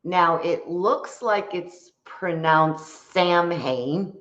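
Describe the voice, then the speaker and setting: A woman guest, an author, explaining at a slow and deliberate pace and repeating points for emphasis. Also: low-pitched, lively intonation, echoey room, dull audio. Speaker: guest author and metaphysical practitioner. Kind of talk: explanatory interview talk.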